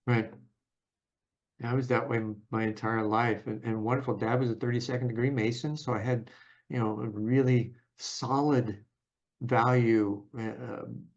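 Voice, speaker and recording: A man hosting a conversation and telling his own story in a thoughtful, unhurried way, often pausing to search for words. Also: medium pitch, steady tone, muffled recording. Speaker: podcast host. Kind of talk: reflective personal storytelling.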